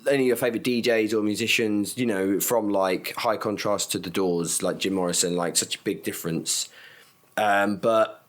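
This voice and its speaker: A man's voice: on the low side, moderate pace. A man, co-hosting a casual podcast chat, telling long rambling stories full of restarts and swearing. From England. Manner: rambling, animated storyteller with many restarts; swears freely. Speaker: podcast co-host.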